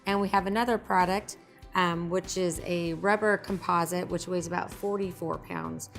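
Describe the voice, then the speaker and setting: A woman host, a little hoarse, giving an upbeat product demonstration at her company's facility. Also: fairly low pitch, fairly even intonation, normal speed, a bit bright, faint music behind.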